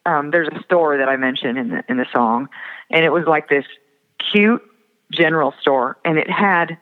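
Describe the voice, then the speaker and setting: A man from the Fargo area, a songwriter guest, talking reflectively with many pauses and fillers. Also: a little high. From Fargo area, Minnesota. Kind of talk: casual interview. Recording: tinny phone line with long reverb.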